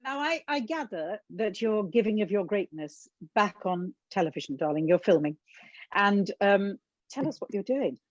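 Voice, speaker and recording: A woman's voice: medium pitch, lively intonation, normal speed, dry recording. A woman hosts a casual chat, heaping praise on her guest and calling him darling. Her voice sits at an ordinary height for a woman. The sound is dry and a little muffled, with the top end dulled. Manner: gushing, calls the guest darling. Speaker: host. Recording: dull dry lo-fi audio.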